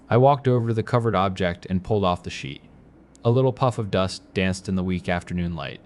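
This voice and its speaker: A man reads a horror story in a very deep voice. His delivery is measured and grim, with a faint hiss of noise behind him. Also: a little mellow. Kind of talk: scripted horror narration.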